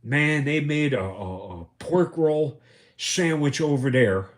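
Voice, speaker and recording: A man's voice: on the high side, animated, takes it slowly. A man hosting a livestream, telling rambling, profane anecdotes and chuckling as he goes. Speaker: livestream host. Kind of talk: casual storytelling.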